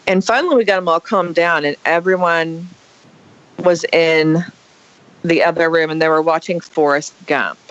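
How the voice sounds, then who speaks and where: A woman guest on a podcast, telling a story casually with dramatic, animated flair and acted-out quotes. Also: low-pitched, moderate pace. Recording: dull lo-fi podcast audio.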